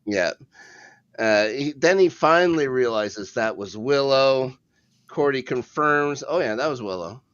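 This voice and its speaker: A man's voice: mid-range voice, expressive, a little slow, fairly bright tone, no room sound, highs cut off. A man co-hosting a podcast, casually recapping a TV episode in a laid-back, rambling way with a chuckle now and then. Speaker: podcast co-host.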